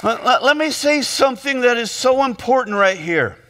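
A man preaching a humorous sermon as pastor, telling stories in an animated way with quick jokes and repeated words. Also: very high voice, crowd noise, noisy background. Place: church sanctuary. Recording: long hall reverb.

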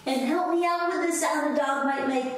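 A woman with a high-pitched, steady voice speaks at a normal speed while leading a children's yoga class in a playful, sing-song manner, making animal noises along with the kids. Recorded in an echoey room, her voice sounds distant, with faint background noise.

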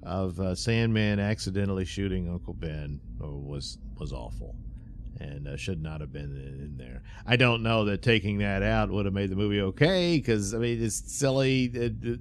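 A man with a lowish voice rambles through a casual movie review, stopping often with fillers and sarcastic little laughs. Faint room ambience sits behind him. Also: moderate pace, a little hiss or hum. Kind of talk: casual film review monologue.

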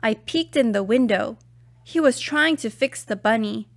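A woman reading a children's picture book aloud, telling the story in an expressive, clear way. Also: fairly high pitch, measured pace.

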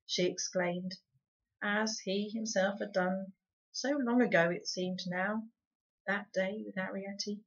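A woman reading a children's book aloud for a book club, with a lively, dramatic storyteller's delivery. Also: fairly low pitch, unhurried, slightly rough. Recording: dull lo-fi recording.

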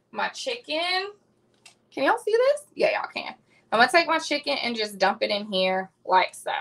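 A Southern US woman in her thirties cooks on a livestream, chatting casually and calling her viewers y'all. Her voice is fairly high and a bit bright, and the recording is rough.

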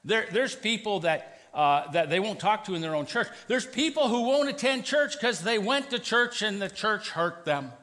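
Male pastor, sermon, high bright voice, playful and animated, church hall reverb. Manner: animated, acts out sarcastic voices, with quick asides. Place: church sanctuary.

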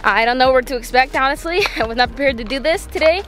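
Young woman vlogger, high and chatty, talks straight to viewers. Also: quick pace, fairly bright tone. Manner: chatty, giggly, addresses viewers. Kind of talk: casual vlog chat. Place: outdoors at a park.

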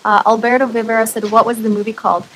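A woman's voice: fairly high pitch, flat delivery, fast talker, slight background noise, rough recording. A woman from Canada co-hosting a live community stream, talking in an enthusiastic way with lots of fillers. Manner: warm, enthusiastic, filler-heavy. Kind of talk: casual live-stream chat.

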